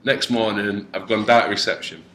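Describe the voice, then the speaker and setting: A man co-hosting a podcast, telling an animated story in casual chat and slipping into other people's voices. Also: on the low side, brisk. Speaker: podcast co-host. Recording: echoey room with faint noise.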